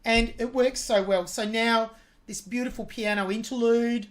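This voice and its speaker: A woman's voice: a little high, steady tone, moderate pace. Woman analysing a singer's technique. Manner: analytical, admiring, breaks down vocal technique. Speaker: vocal reaction host. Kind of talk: music reaction commentary.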